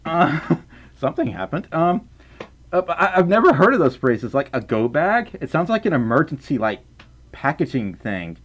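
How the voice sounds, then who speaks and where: A man with a softened Southern US accent, reading donations on a live stream in casual chat, rambling, stammering over repeated words, and laughing often. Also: fairly high pitch, sing-song, normal speed. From Southern United States.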